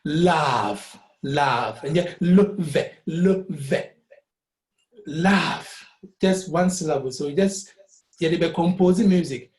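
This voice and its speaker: A man's voice: a little high, takes it slowly, darkish tone. A man with a Ghanaian accent teaching a music lesson, patiently repeating words syllable by syllable. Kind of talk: classroom lesson mixing Twi and English. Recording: echoey room.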